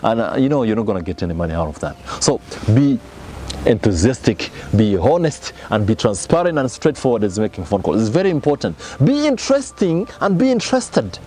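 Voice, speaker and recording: A man's voice: mid-range voice, very animated, fairly quick, warm tone, slight background noise. A man giving a motivational sales lesson, emphatic and repeating his key phrases as he addresses the audience directly. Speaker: sales trainer.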